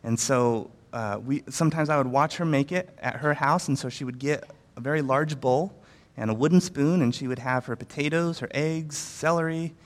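A man's voice: on the high side, moderate pace, long reverb tail. A man preaching a sermon in a casual, conversational way, often acting out quotes and using fillers. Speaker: pastor.

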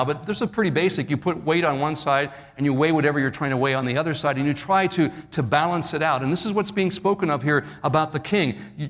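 A man preaching a sermon in an emphatic, measured way, slowing down and dropping his voice on key words. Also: fairly high pitch. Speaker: pastor. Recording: long hall reverb.

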